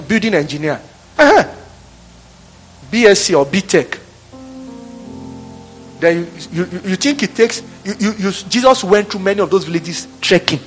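A high-pitched man delivering a sermon. He preaches animatedly, laughs often and acts out little office scenes, with a soft bed of music faintly behind him. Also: breathy edge.

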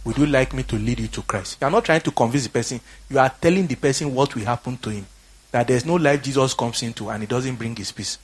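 Husky man with a Nigerian accent, fiery sermon, exhorting, quiet then shouting. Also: mid-range voice, fast. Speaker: pastor.

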